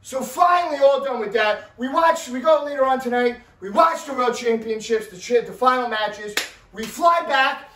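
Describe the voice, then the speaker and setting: A man telling a story in a casual, animated way, with loud bursts and a habit of asking "right?". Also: very high-pitched, moderate pace, a little hiss or hum. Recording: roomy, mic at a distance.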